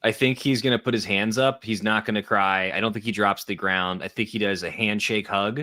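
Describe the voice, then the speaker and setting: A man with a fairly low voice co-hosts a live tennis watchalong, chatty and full of strong opinions. His recording is dry and close, with no room echo. He breaks into laughter often. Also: steady tone, fairly quick, pushed and bright. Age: young adult or middle-aged parent of an infant. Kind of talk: casual live sports commentary.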